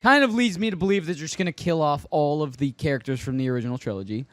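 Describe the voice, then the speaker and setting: A man's voice: on the high side, fast talker, a bit bright, no echo. Rambling man hosting a podcast, dry sound. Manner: rambling, hesitant, with many fillers and restarts. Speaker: podcast host. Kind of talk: casual chat.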